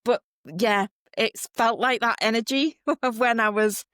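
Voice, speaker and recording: A woman hosting a casual interview, friendly and quick to laugh. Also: fairly high pitch, steady tone, a bit bright, no room sound, studio quality. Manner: giggly, friendly. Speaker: host.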